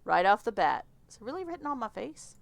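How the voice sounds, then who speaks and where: A woman's voice: on the high side, big pitch swings, quick pace, gravelly, dry recording, voice pushed up. A woman voicing a nervous, awkward young male demon with hooves, speaking with a Southern accent and stammering. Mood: flustered. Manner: stammering, flustered.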